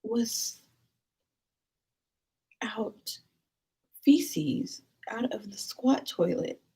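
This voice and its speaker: Husky young woman telling rambling stories. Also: very slow, in a whisper. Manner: animated, rambling, swings into high excited squeals. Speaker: vlogger. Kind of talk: casual storytelling to camera.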